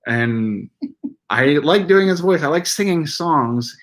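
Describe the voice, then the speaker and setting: A man's voice: a little high, lively intonation, slow. Rambling, self-deprecating male streamer. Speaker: livestream co-host. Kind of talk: casual chat.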